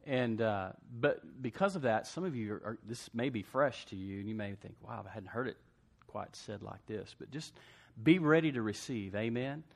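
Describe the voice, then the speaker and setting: A man preaching a sermon to a church congregation, asking "amen?" and swinging from hushed asides to loud emphasis. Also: fairly low pitch, expressive, moderate pace, vocal fry. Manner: call-and-response preaching, asks congregation "amen?". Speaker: pastor.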